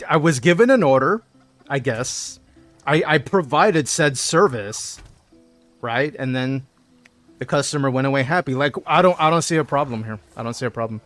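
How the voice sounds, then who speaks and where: Animated man telling a story on stream. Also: a little high. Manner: animated storytelling, laughs often. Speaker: game streamer. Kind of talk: casual chat while gaming.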